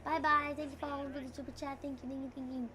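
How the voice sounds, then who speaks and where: A young woman streaming as a VTuber from home, chatting loosely with a slight tomboyish rasp, swearing and laughing as she reads out chat. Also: sits high, little pitch movement, fast talker, pushed and bright. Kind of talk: casual livestream chat, reading out chat messages. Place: home room. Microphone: desk streaming mic.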